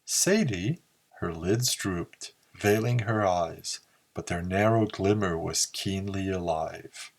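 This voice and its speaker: A man narrating a pulp story in a slow, measured reading. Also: deep voice, creaky. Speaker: audiobook narrator.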